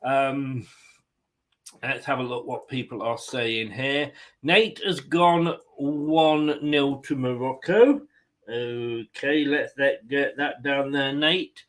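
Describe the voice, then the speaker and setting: A man hosting a fan live stream, chatting casually and rambling with jokey asides. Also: a little high. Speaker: fan channel host.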